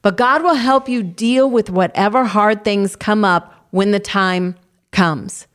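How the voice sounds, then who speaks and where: A woman's voice: mid-range voice, takes it slowly. A woman co-hosting a Christian talk show, preaching earnestly and leading a spoken prayer. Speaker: co-host.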